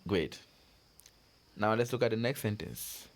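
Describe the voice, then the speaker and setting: Slow, low-voiced man teaching pronunciation. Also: lively intonation. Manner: drills words slowly with repetitions; patient, encouraging. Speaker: French teacher.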